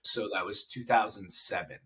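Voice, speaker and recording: A man's voice: on the low side, fairly even intonation, normal speed, a bit bright, breathy edge. A man in his forties, a podcast guest, telling a personal story in casual conversation and getting emotional. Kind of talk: casual interview chat.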